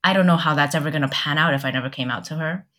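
Young woman, low-pitched, podcast guest; candid and halting storytelling with lots of quoted dialogue. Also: bright, forceful tone. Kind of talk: personal storytelling in casual chat.

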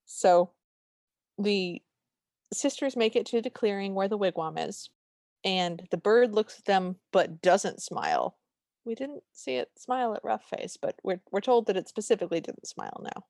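A woman's voice: mid-range voice, creaky, a little mellow, dry recording, clean studio sound. A woman co-hosting a podcast, casually recapping a film in a playful way and dropping into silly voices for the characters. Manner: playful, quick to jump into silly voices while retelling scenes. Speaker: podcast co-host.

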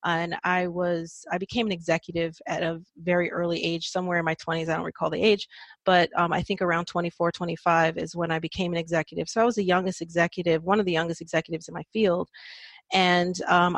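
Low-voiced woman telling her story. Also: no room sound. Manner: reflective, frequent fillers and laughs. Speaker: podcast guest. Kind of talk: candid personal storytelling.

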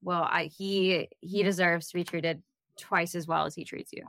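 A woman's voice: fairly low pitch, steady tone, moderate pace, a bit bright, dry recording, clean studio sound. A young woman co-hosting a casual rewatch podcast, enthusiastic and agreeable as she chats and closes out the episode. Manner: enthusiastic, agreeable, wraps up the show. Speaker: podcast co-host.

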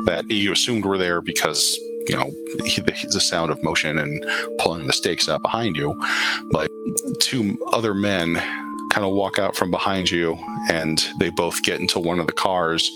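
Deep-voiced man narrating a tabletop game. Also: moderate pace, rough recording. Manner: relaxed, rambling narration with fillers. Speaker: game master. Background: background music.

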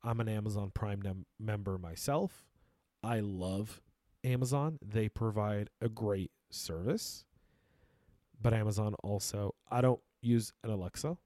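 A man's voice: on the low side, a little slow, warm tone, no echo. A man hosting a podcast in a studio, talking casually and emphatically with frequent restarts, a native Arabic speaker. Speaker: podcast host.

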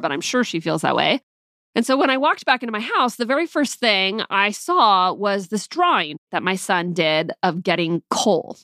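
A woman in her thirties tells a personal story about her family in a candid, reflective voice. Her pitch sits in the middle, and the sound is close and dry, with no room around it. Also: no room sound. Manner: candid, reflective, with soft laughs. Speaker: mother.

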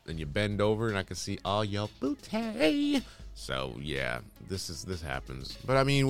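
A man's voice: low voice, a bit bright, smooth. A man hosting casual news commentary, reading headlines aloud and adding sarcastic, dismissive asides.

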